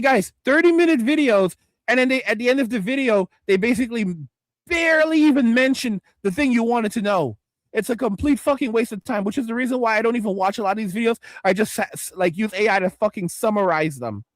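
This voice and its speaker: A man with a very high voice for a man, ranting in exasperation and swearing constantly as he reacts to videos on stream. The sound is dry and close, with no room around it. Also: a little fast, no echo. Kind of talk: profane reaction rant.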